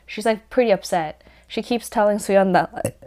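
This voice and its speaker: A young woman hosting a casual podcast, congested, rambling and correcting herself, often dropping to quiet asides. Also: medium pitch, moderate pace. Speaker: podcast host. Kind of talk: casual chat recap.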